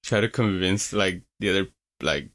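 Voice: deep voice, normal speed, fairly bright tone. A podcast co-host chatting casually, teasing the other host and laughing easily. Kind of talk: casual chat.

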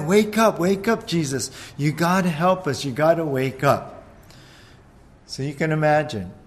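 Man, pastor preaching, animated storyteller, mid-pitched voice. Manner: animated storytelling, acts out the disciples' shouts. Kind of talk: sermon.

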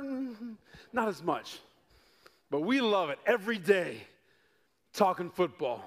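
A middle-aged male pastor from Denver delivers a sermon in a fairly high voice. He spins personal stories with playful asides and builds to excited peaks before dropping low for emphasis. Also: a little slow, pauses often. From Denver, United States. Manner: animated storytelling with rising excitement and playful asides.

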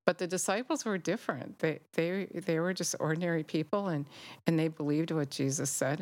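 Woman preaching casual and earnest, lowish voice, dry close sound, lots of you-knows. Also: no echo. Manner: earnest, conversational, many "you know" asides. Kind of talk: informal sermon.

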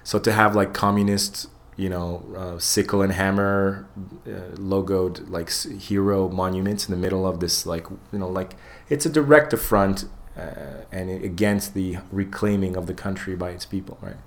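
A man with a deep, low voice tells a tale on a casual podcast, swearing freely and slipping into the voices of the people in it. He keeps the talk loose and animated. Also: moderate pace, few pauses. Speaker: podcast co-host. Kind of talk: casual storytelling chat.

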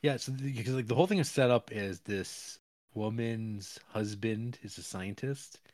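A man's voice: lowish voice, normal speed, a little mellow, dry recording. A man co-hosting a podcast, casually chiming in and teasing his co-host about horror movies.

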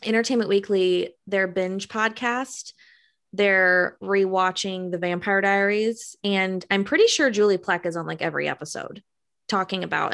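A woman co-hosting a podcast in relaxed conversation about a TV show. She talks in an easygoing way and fills her pauses with ums and likes. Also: mid-range voice, creaky. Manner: chatty, uses many fillers. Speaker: podcast co-host. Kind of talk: casual chat about a TV show.

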